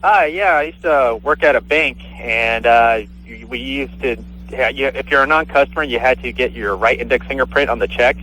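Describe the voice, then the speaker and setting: Man, radio caller, matter-of-fact, halting, mid pitch, faint hum. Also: bright, forceful tone, poor audio. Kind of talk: telling an anecdote on a call-in show.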